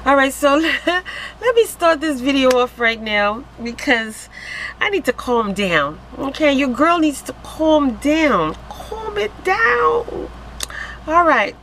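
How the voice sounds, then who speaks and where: A woman vlogging to camera in an excited, giddy way, exclaiming and laughing. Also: high voice, slow, a little hiss or hum, low-quality recording. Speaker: vlogger selling wellness products. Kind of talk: excited casual vlog to camera.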